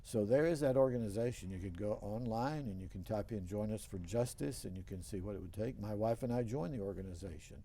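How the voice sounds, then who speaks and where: A man's voice: lowish voice, a little fast, few pauses, warm tone. An older man hosting a TV talk show, telling long rambling stories with many restarts. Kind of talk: casual storytelling interview.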